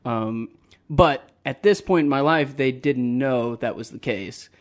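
A man's voice: medium pitch, a little slow. A man co-hosting a comedy podcast, telling a personal story in casual chat and laughing often. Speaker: podcast co-host.

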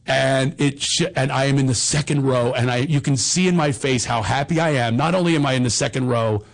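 A man's voice: medium pitch, brisk, vocal fry. A middle-aged man hosting a comedy show, telling rambling, self-deprecating personal stories in a bombastic, casual way. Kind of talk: casual chat and personal storytelling.

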